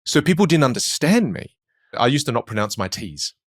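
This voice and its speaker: A man with an Australian accent, a speech coach talking in a podcast interview with quick, emphatic storytelling. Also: medium pitch, very animated, no room sound, clean studio sound.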